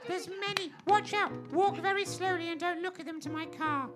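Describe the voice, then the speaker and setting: A woman's voice: very high-pitched, moderate pace, music in the background. A woman performing in a comedy sketch, giving fussy, urgent orders.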